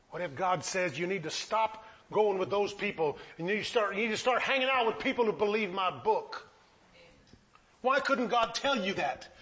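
A man's voice: very high voice, sharp tone. A man preaching a sermon, impassioned and pleading, firing off rhetorical questions.

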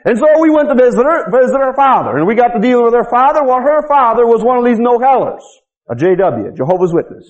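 A man's voice: very high voice, very animated, quick pace, lo-fi sound. A man preaching a sermon as pastor in a folksy, repetitive way, often calling out to the congregation for an answer.

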